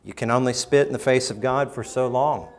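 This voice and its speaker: Preaching at a brisk clip, this male pastor alternates between forceful outbursts and hushed, low passages. He sometimes performs quoted lines in mock voices.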